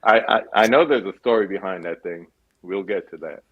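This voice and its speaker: Husky low-voiced New man hosting. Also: fairly quick, phone-quality sound. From New York. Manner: chatty, laughs often. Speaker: podcast host. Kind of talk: casual video-call interview.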